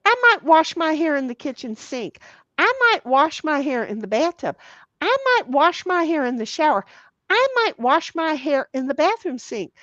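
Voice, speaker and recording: A woman's voice: high-pitched, big pitch swings, moderate pace, fairly bright tone, no echo, lo-fi sound. A woman hosting a casual livestream, reading viewer comments aloud in a salty, giggly way and swearing freely. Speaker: livestream host.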